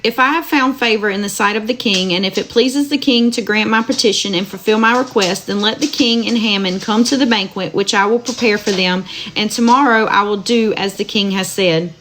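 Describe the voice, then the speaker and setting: A woman's voice: mid-range voice, a bit bright. Woman reading scripture aloud at home. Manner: slow, tender reading, chats with viewers. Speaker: Bible reader. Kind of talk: live-streamed Bible reading with chat asides. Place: home with dogs running about. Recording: noisy home recording.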